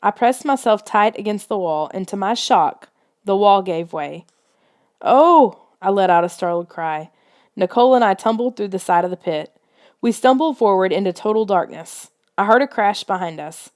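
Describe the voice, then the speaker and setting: Lady reading a spooky kids book aloud, tense storytelling, medium pitch. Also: animated, normal speed, darkish tone. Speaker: audiobook reader. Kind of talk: scripted storybook narration.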